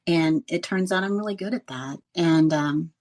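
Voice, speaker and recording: Lady, ex radio news gal, chatty and laughing, voice a bit low. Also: normal speed. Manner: animated storyteller who laughs often. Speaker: guest, former radio news reporter. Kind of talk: casual interview storytelling.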